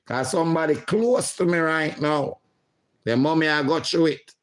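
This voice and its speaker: A middle-aged man hosting a livestream, reading viewer comments aloud in a slow, emotional way. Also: a little high. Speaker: livestream host.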